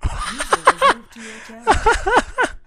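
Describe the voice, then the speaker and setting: A man doing let's play commentary on a game, excitable and crude, with loud shrieks and laughter. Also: extremely high pitch, extremely slow, vocal fry. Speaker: gaming video host.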